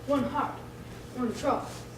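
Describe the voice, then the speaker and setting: A woman's voice: sits high, takes it slowly. A woman playing an ardent young male lover, declaiming verse earnestly on stage. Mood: tender. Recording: echoey and noisy, from far off.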